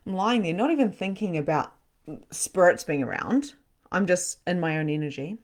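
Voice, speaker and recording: Hosting a live online spiritual session, a woman tells stories to her audience in a casual, animated way, laughing often, swearing for emphasis and acting out scenes. Her voice is on the low side at a moderate pace, and she grows quiet when speaking of loss.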